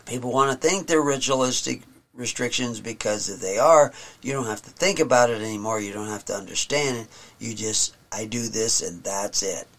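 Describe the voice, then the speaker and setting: A man teaching from the Bible, reading verses slowly and solemnly and then explaining them in plain talk. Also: mid-range voice, a bit bright.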